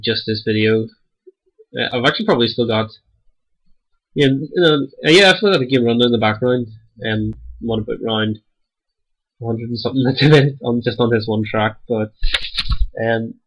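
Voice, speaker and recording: A young man talks casually over his gameplay, wandering from point to point with plenty of ums. His nose is blocked and his voice carries a slight rasp from a fading cold, sitting at a middling pitch. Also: a bit bright, rough recording. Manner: rambling and hesitant, many ums. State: stuffy-nosed, slightly raspy from a cold. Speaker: gaming channel host.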